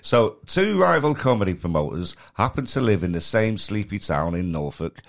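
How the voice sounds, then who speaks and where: A man with a Manchester accent and a very deep, low voice chats casually on a podcast. He sounds tired and rambles, restarting his sentences often. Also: big pitch swings, normal speed, creaky. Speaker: podcast co-host, comedy promoter. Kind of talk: casual chat.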